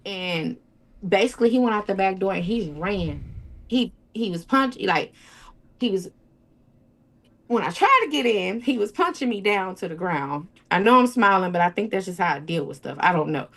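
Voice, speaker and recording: A woman speaking pours out a personal story. She rambles, circles back and repeats herself. Her voice sits at an ordinary middle pitch. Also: lively intonation, moderate pace, a bit bright. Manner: rambling, repeats herself, acts out quoted speech. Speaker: interview guest. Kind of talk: emotional personal account.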